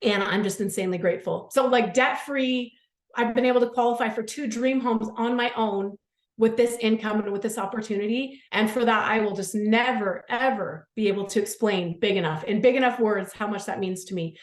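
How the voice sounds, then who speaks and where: A woman in her thirties giving an earnest, gushing testimonial pitch, peppered with "like" and close to tears at times. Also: brisk, reverberant. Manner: gushing, earnest, says "like" often, chokes up at times. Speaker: guest speaker.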